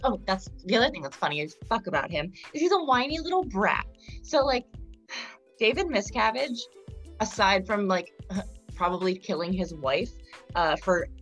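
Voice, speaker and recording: A woman's voice: lowish voice, a bit bright. A young woman co-hosting a podcast in casual, rambling chat, full of fillers and crude jokes. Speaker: podcast co-host.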